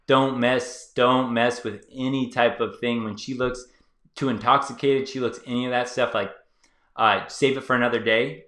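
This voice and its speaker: Bright-voiced man giving casual advice. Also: medium pitch, echoey room. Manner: loose, conversational, heavy on fillers and "man". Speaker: YouTube channel host. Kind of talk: casual advice monologue to viewers.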